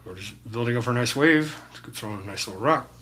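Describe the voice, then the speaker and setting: A man's voice: medium pitch, expressive, fast talker, pushed and bright, slight background noise. A man chatting casually to his viewers while painting on a live stream, rambling and swearing freely. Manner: laid-back, rambling, swears freely, chats to viewers by name.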